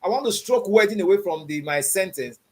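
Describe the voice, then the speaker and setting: Fairly high-pitched and animated, this coding instructor talks a little quickly while leading a beginners' programming class online. Over and over he asks "you understand what I'm saying?", and he tests his students with open-ended prompts such as "what?".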